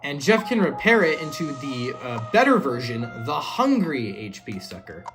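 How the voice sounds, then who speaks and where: A woman's voice: deep voice, big pitch swings, moderate pace. A woman giving casual let's play commentary, chatting and reacting to the game as she plays. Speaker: gaming channel host. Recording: game music playing underneath.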